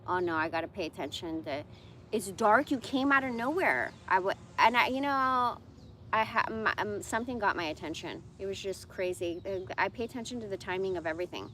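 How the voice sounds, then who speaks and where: A woman's voice: mid-range voice, expressive, fairly quick, pushed and bright, a little hiss or hum. A woman in her forties ranting bluntly and profanely in a casual livestream monologue. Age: 40s.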